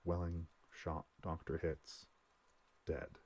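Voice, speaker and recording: Deep husky audiobook narrator. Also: male voice, level tone, slow, a little mellow. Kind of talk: scripted narration.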